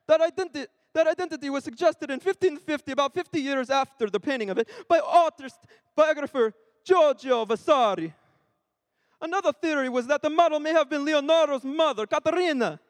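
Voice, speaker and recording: A man's voice: very high-pitched, dry recording, in a large hall, voice pushed up. A man reading a text aloud in a playful put-on Italian accent, stumbling now and then.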